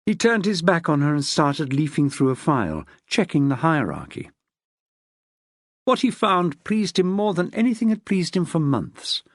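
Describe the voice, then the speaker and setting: A woman narrating a crime novel in a measured, expressive reading. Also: low voice, no echo, clean studio sound. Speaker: audiobook narrator. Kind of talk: scripted narration.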